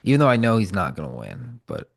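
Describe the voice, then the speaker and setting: A man with a very low, gravelly voice banters bluntly on a podcast, swearing freely. The sound is dry and close. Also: huge pitch swings, quick pace, no room sound. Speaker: podcast co-host. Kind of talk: casual banter.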